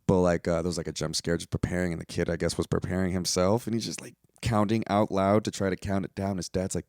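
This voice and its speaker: A young American man hosts his own podcast and rants in a loose, swearing, rambling way. His voice sits very low with a gravelly, fry-heavy edge. The recording is dry and close, with almost no room sound. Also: steady tone, a little fast, no echo. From United States. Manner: profane, rambling, exasperated. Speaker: podcast host. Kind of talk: casual solo podcast rant.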